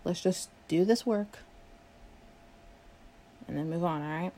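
A woman's voice: fairly low pitch, a little slow, mellow, a little hiss or hum. A young woman in a one-sided role-play, playing a sarcastic, exasperated coworker who swears a lot. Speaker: coworker doing a project with the listener.

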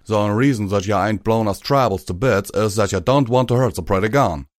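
A man's voice: on the low side, brisk, dry recording, studio quality, close to an everyday voice. A man voicing a blunt male pegasus pony gunslinger who drawls and mumbles as if through clenched teeth. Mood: defiant.

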